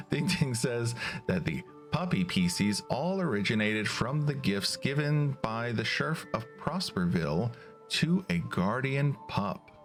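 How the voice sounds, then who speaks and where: A talkative companion, read out by a man, tells the story in a lively, rising and falling voice. He reads at a slow, measured pace. Faint game music lingers behind. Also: mid-range voice. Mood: explaining. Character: chatty companion who translates for the puppy.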